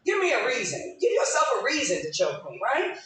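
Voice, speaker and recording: A woman's voice: high voice, wildly swooping pitch, fairly quick, a bit bright. A woman in her forties doing brash, profane stand-up with crowd work, laughing at her own jokes in a small live comedy room. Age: 40s. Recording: echoey room from far off, faint noise.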